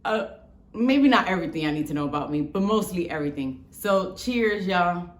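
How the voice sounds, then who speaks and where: Woman in her thirties, Bronx accent, rough voice, frank casual vlog storytelling, roomy echo. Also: fairly low pitch, animated, moderate pace. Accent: Bronx New York. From the Bronx, New York. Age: 30s. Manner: chatty, frank, swears freely. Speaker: vlogger.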